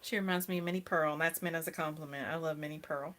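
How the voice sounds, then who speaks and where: A woman's voice: sits low, steady tone, fast. A middle-aged woman hosting a casual live-stream chat, talking with viewers and laughing often. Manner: chatty, laughs often, greets viewers brightly. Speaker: host.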